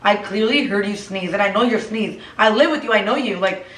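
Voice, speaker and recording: A woman recounts a spooky story to her sisters, switching freely between English and Spanish. She sounds roomy and sits some distance from the mic. Her pitch sits in a middle range for a woman. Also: brisk, fairly bright tone. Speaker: co-host. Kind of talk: casual storytelling chat.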